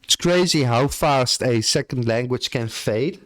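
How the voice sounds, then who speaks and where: A man's voice: medium pitch, unhurried, fairly bright tone, a little hiss or hum. A young man with an Australian accent chatting casually on a live stream, swearing offhandedly and tacking "bro" onto his lines. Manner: laid-back, swears casually, often ends lines with "bro".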